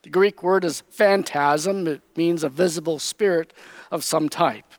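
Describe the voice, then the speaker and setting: A man preaching a sermon, teaching slowly and with emphasis, raising his voice when he quotes. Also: fairly high pitch, no room sound. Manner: slow, emphatic Bible teaching, quoting figures in raised voice.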